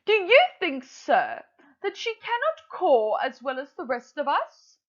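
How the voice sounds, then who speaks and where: A woman voicing a proud, bossy mother crow in a storybook play read aloud, with a shrill, exclamatory, theatrical delivery. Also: big pitch swings, measured pace, a bit bright, exaggerated voice. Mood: excited, bossy. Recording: dull lo-fi recording.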